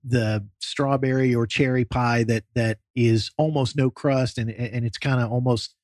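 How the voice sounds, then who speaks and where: A man's voice: medium pitch, steady tone, measured pace, darkish tone, dry recording, studio quality. A man co-hosting a radio interview, chatty and joking, with plenty of restarts. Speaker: radio co-host.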